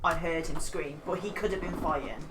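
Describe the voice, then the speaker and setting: A woman playing a tabletop game, talking in an urgent, hurried way. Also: low-pitched, fairly even intonation, background noise. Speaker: player. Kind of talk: tabletop role-play. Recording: echoey room, far from mic.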